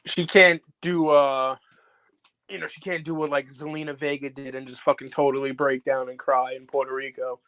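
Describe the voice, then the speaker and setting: A man's voice: medium pitch, level tone, moderate pace, a bit bright, dry recording. A man co-hosting a live wrestling watch-along, laid-back and teasing. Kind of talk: casual live commentary chat.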